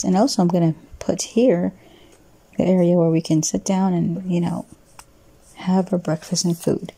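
A woman's voice: medium pitch, dark tone. A woman hosting a let's play, chatting casually as she builds rooms and plays a life-sim game from a home desk setup. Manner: chatty, narrating while building.

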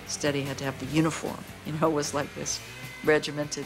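Chatty speaker over clear music. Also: medium pitch, little pitch movement, quick pace. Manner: conversational, filler-heavy. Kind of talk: documentary interview.

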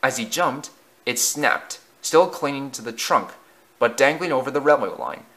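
Ein Mann liest eine Kindergeschichte über Eisenbahnen vor, mit lebhaft wechselnder Tonhöhe. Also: male voice, medium pitch, animated, moderate pace, pushed and bright. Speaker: narrator. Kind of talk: storybook narration.

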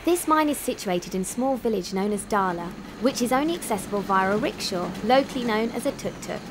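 A woman giving scripted documentary narration in an even, informative voice-over. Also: mid-range voice, a little fast, noisy background. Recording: voice-over with music behind. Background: music.

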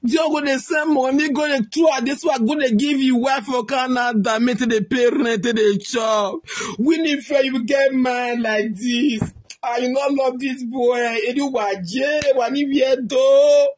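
A Nigerian talk show host mocks and teases loudly in Pidgin, breaking into theatrical shouts. The delivery is slow and drawn out, recorded dry and close with no room sound. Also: high voice, fairly even intonation, dry recording. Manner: mocking, theatrical, loud. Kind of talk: loud mocking commentary in Pidgin.

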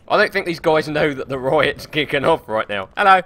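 A young man streaming a game live, commentating excitably with frequent swearing and laughter into a desk or headset microphone. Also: on the high side, fast talker, few pauses, slight background noise. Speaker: gaming streamer.

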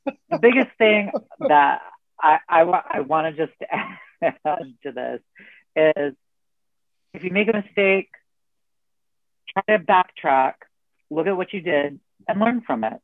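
A fairly high-voiced man joins a casual podcast over a remote call and speaks plainly, stumbling and restarting. His bad connection makes him sound tinny and thin, like a phone line, and dry. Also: expressive, no echo. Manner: brief, plain-spoken, halting with restarts. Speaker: podcast co-host. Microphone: remote call with a poor connection.

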